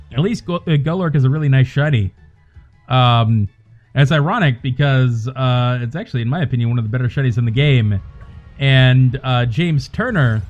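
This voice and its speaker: A young man with a slightly high voice, chatting on a live game stream. He rants in an animated, profane way. Quiet music plays in the background. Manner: animated, swearing, quick rants. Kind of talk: casual live-stream chat.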